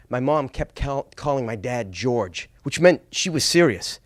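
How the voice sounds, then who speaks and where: Animated man telling a personal story. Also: medium pitch, normal speed, hardly any pauses, no room sound, clean studio sound. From Boston. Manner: expressive, animated delivery with small stammers.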